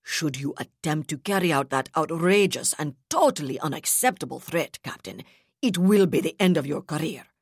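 Lady reading a smug cold governor guy, inflexible and condescending, low voice, dry sound. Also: expressive, normal speed, husky, dry recording, full character voice. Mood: indignant. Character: arrogant, scheming male colonial governor.

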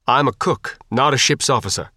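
A man reading an audiobook, voicing a gruff male cook who protests at being given command. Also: medium pitch, normal speed, sharp tone, dry recording, studio quality. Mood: protesting. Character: grumbling male cook, reluctant.

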